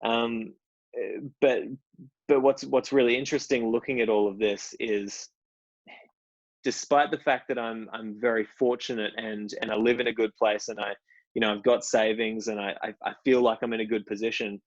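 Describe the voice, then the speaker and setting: A man's voice: lowish voice, steady tone, moderate pace, no room sound. Man hosting a discussion meetup, casual rambling talk, dull lo-fi sound, dry close mic. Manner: rambling, with many restarts and fillers. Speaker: host of a stoicism meetup. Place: indoor room at home.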